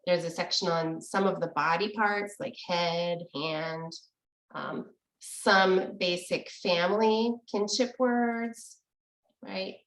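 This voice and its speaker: A woman's voice: fairly low pitch, takes it slowly, a bit bright, reverberant, rough recording. A woman teaching a casual online language lesson, explaining in a chatty way and laughing easily, over a video call. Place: room with echo, video call.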